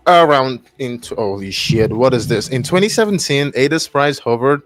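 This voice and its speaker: A man hosting a casual livestream, reading an article aloud haltingly and breaking off to react and greet his chat. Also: medium pitch, expressive. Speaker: livestream host.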